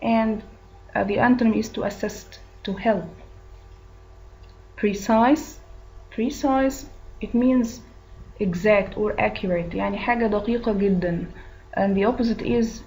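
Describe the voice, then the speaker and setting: A woman's voice: mid-range voice, normal speed, pauses often, dark tone, soft background music, rough recording. A woman English teacher with an Egyptian accent and Arabic as her first language, patiently going through answer choices and explaining words. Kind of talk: recorded English lesson.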